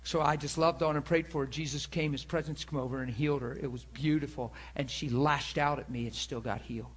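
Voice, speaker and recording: A man's voice: a little high, steady tone, brisk. A man preaching a sermon, telling a personal story in an earnest, storytelling manner. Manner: earnest, storytelling, with many repeated words.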